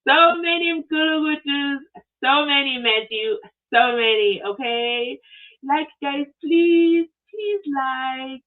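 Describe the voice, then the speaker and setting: A woman from South Africa hosting a live stream, chatting casually and reading viewer comments aloud with lively exclamations. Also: sits high, slow pace. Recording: tinny phone-like audio.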